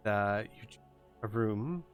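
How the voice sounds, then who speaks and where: A man narrating as game master of a tabletop role-playing game, with a relaxed, filler-heavy manner. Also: fairly low pitch, takes it slowly, over music.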